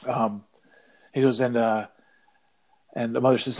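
A man co-hosting a podcast, rambling through a joke in casual chat, halting with restarts. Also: medium pitch, flat delivery, darkish tone. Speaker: podcast co-host.

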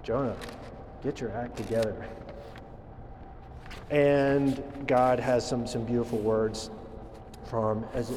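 A man preaching a homily in a relaxed, conversational way, often halting and restarting his phrases, in a church. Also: medium pitch, long reverb tail, a little hiss or hum. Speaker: priest.

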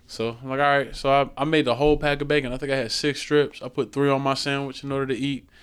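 Animated storytelling man with a smooth voice. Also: mid-range voice, quick pace. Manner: animated storytelling, acts out voices and laughs a lot. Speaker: podcast co-host. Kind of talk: casual chat.

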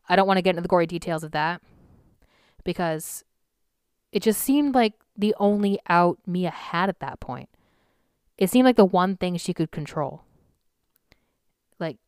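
A woman with a lowish, smooth, clear voice talks through a film's story in a loose, chatty way. She rambles, restarts sentences and sighs often. The sound is dry and close, with no room echo. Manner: rambling, many fillers and restarts, audible sighs. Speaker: film reviewer. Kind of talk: casual spoken movie recap.

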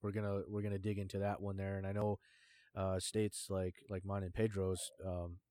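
A man's voice: low-pitched, completely flat delivery, moderate pace, mellow, no echo, studio quality. A man hosting a casual podcast who talks bluntly, swears freely and leans on fillers. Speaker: podcast host.

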